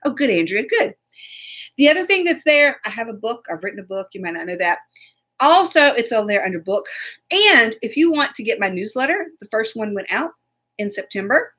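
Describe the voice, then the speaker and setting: A woman's voice: mid-range voice, expressive, brisk, sharp tone. A woman hosting a casual live stream, chatty and laughing often as she greets viewers by name. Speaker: host.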